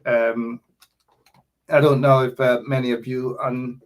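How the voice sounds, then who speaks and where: A man's voice: mid-range voice, level tone, slow pace. Chatty Guyanese man hosting a talk show. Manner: rambling, chatty, many fillers. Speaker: radio talk show host. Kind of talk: radio talk show monologue.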